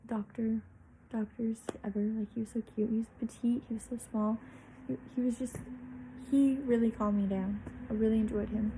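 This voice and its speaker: A woman's voice: fairly high pitch, mellow, a little hiss or hum, low-quality recording. A young woman vlogger telling a personal story in a candid, chatty way, swearing freely.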